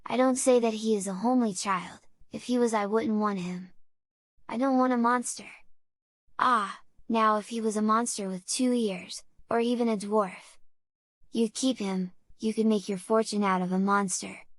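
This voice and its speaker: A tall old wandering showman speaks in a foreign accent, calm and quietly shrewd as he bargains. A woman voices him in a storybook reading. The sound is close and dry. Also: medium pitch, moderate pace, no room sound, close to an everyday voice. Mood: persuasive.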